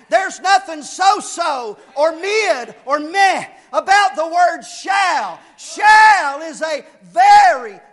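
A man preaching a fiery sermon, shouting key lines and then dropping low to explain, repeating phrases for emphasis.

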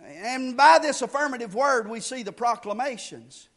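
A man preaching a fiery sermon, shouting key lines and then dropping low to explain, repeating phrases for emphasis. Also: expressive, normal speed.

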